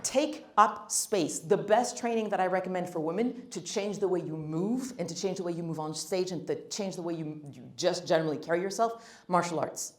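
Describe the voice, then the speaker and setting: A woman's voice: on the low side, a little fast, few pauses, a little mellow. A woman giving a live workshop talk, blunt and emphatic with wry humor. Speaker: workshop speaker. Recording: roomy hall.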